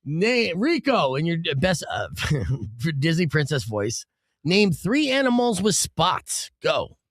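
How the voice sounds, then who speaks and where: A man's voice: on the high side, big pitch swings, takes it slowly, dry recording, studio quality. A man hosting a casual comedy podcast, running a quiz game as a playful, upbeat quizmaster who laughs often.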